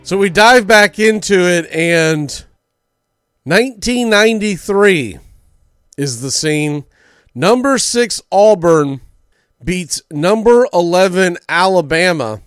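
A man hosting a sports radio show, his voice a touch higher than most. He talks through old games like a storyteller, chatty and loose, tripping over a word now and then. The sound is close and dry. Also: expressive, slow pace, a bit bright, smooth, no echo. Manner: storytelling, chatty with small slips.

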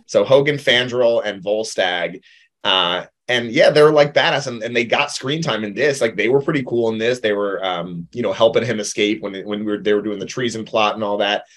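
A man co-hosting a casual movie podcast, talking in a lively, jokey way. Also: fairly low pitch, moderate pace. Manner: animated, jokey, fond of doing accents. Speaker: podcast co-host.

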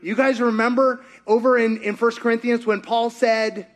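A man's voice: extremely high pitch, level tone, moderate pace, few pauses. A man preaching a sermon in church, joking and asking his congregation questions. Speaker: pastor.

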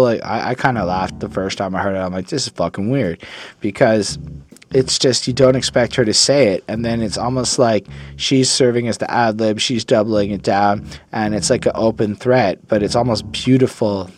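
A man giving a casual, rambling music review, swearing freely and filling pauses with ums and uhs. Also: lowish voice. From Jewish. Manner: rambling, profane, with frequent fillers and restarts. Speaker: album reviewer.

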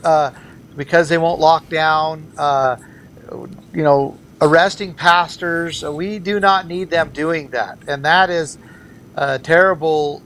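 Man, high-pitched voice, emphatic political guest, faint background hiss. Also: steady tone, slow, fairly bright tone. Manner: earnest, emphatic, argues in repeated phrases. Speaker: guest, candidate for governor. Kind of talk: political interview talk.

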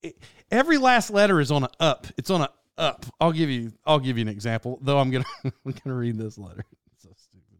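A man in his thirties telling rambling, animated stories in a casual monologue as a podcast host. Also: medium pitch, fast talker, clear, resonant tone, no echo, studio quality. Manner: rambling, animated storytelling with laughs.

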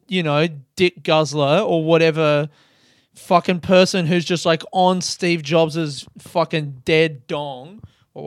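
A man's voice: high voice, no echo. A young adult man hosting a casual solo podcast, ranting and sardonic, swearing freely, close to the mic. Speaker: podcast host. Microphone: close studio mic.

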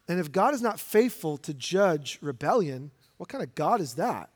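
Pastor guy with a high voice preaching hard, lots of hall echo. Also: sing-song, normal speed, hardly any pauses, slightly rough. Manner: emphatic, direct preaching with questions to listeners. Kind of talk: sermon. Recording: long hall reverb.

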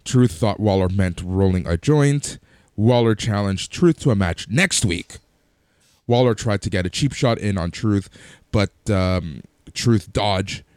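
Guy with a kinda low voice running through a recap, chill, dry sound. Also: a little slow, a little mellow, dry recording. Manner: recaps events then gives offhand opinions, some fillers. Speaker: wrestling show reviewer. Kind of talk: casual recap commentary.

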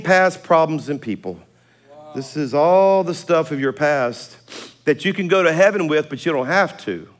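Animated pastor preaching. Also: male voice, medium pitch. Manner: animated storytelling with laughs and swings in loudness. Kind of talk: sermon. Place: church auditorium.

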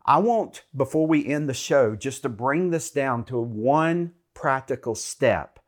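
A man's voice: mid-range voice, lively intonation, unhurried. A man co-hosting a Christian talk show, speaking in an earnest, encouraging, preacherly way. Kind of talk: faith talk show chat.

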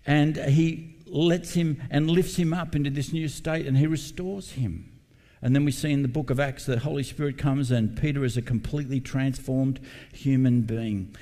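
A man's voice: a little high, mellow, big-room sound. A male pastor preaching a sermon, reading scripture and putting questions to his congregation.

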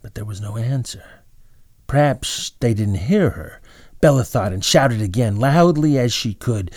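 A man's voice: mid-range voice, animated, unhurried, darkish tone, no echo, studio quality. A man narrating a storybook dramatically, dropping into whispers at tense moments.

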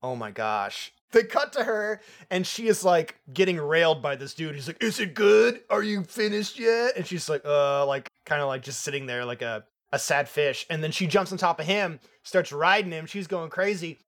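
A young man co-hosting a casual movie review podcast, excitable, laughing often and swearing casually. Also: a little high, normal speed, few pauses. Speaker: podcast co-host.

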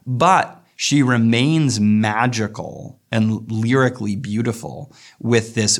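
A man teaching a poetry lesson, explaining verse and slowing down to read lines aloud thoughtfully. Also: medium pitch, big pitch swings. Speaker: literature teacher.

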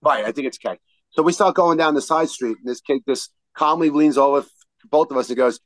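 A man telling a rowdy, profane story to old friends, acting out the shouted lines. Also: a little high, brisk, no room sound, rough recording. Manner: animated, profane, shouts out quotes mid-story.

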